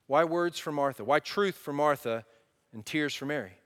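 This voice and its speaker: A male pastor preaching conversationally, often restarting phrases, swinging between loud emphasis and quiet, soft moments. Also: fairly high pitch, moderate pace, in a large hall. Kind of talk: sermon.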